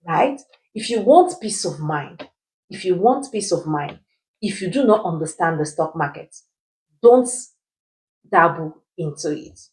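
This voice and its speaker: A woman's voice: lowish voice, rough recording. A woman teaching personal finance who asks rhetorical questions and answers them herself, checking in with her listeners as she goes. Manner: keeps checking in with "right?". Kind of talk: explainer video.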